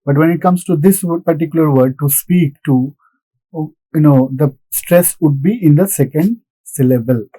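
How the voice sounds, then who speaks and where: A man's voice: fairly high pitch, moderate pace, dark tone, husky, dry recording, poor audio. A man giving a recorded lesson, patiently repeating points and answering his own questions. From India. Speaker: English lecturer. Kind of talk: recorded classroom lecture.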